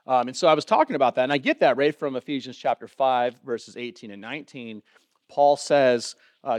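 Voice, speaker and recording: Male pastor, mid-pitched, casual sermon delivery that keeps asking the congregation questions; dry recording. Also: darkish tone, dry recording. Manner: conversational, asks the room questions, many fillers.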